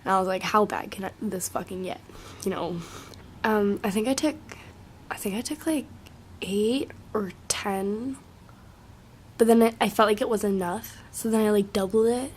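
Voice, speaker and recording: A young woman casually telling a rambling, profane story to camera, full of filler likes and often dropping to a hushed near-whisper. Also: mid-range voice, normal speed, long pauses, a little hiss or hum.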